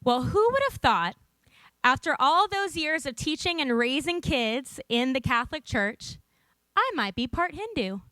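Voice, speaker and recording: A gentle Cajun grandmother in her eighties, as a woman puts her on, talking in a plain, unhurried, folksy way. The voice sits high and bright. It is recorded dry and close. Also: big pitch swings, no room sound, heavily acted. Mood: content. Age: 80s.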